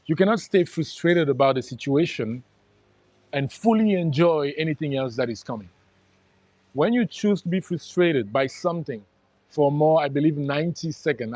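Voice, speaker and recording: A man's voice: mid-range voice, a little mellow, no echo. A man speaking as a spiritual life coach, talking casually and reflectively to live viewers, with frequent restarts. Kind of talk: casual livestream talk.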